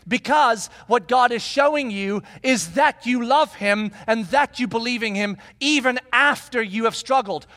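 A man's voice: very high-pitched, fairly bright tone. A man preaching as a pastor, telling a story with rhetorical questions and acting out the people in it. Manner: acts out quoted dialogue. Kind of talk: sermon.

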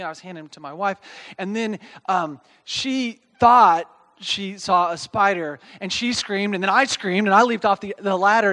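A man's voice: sits high, sharp tone. A man preaching a conversational sermon. He reads scripture aloud, explains it in plain words and keeps checking in with listeners by asking "okay?". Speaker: pastor.

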